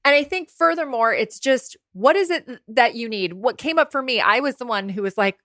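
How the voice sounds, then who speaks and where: A woman's voice: a little high, big pitch swings, normal speed, fairly bright tone, dry recording, studio quality. A woman in her forties hosting a podcast, talking candidly and casually, with the odd swear word. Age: 40s. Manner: candid and conversational, swears freely. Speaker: podcast host. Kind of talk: casual solo podcast talk. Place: apartment by the ocean.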